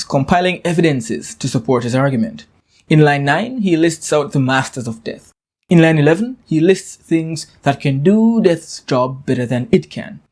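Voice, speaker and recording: A man giving a scripted poetry lesson, explaining meter and structure in a clear, measured way and reading verse slowly with dramatic pauses. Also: on the high side, a little mellow. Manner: slow, dramatic poem reading with deliberate pauses. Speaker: English literature teacher.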